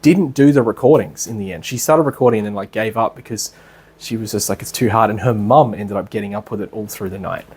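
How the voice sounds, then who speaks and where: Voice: mid-range voice, fast talker, a little mellow, breathy edge. A speaker, telling a rambling story to a class in a casual way, laughing often and using a lot of fillers. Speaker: class presenter.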